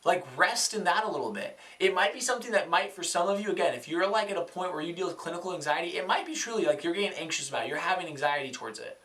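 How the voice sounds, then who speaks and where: Earnest young man, bright voice. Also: sits high, expressive, fast talker, hardly any pauses, recorded from a distance. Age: young adult. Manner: earnest, reflective, many fillers. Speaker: vlogger. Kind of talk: casual talking-head vlog.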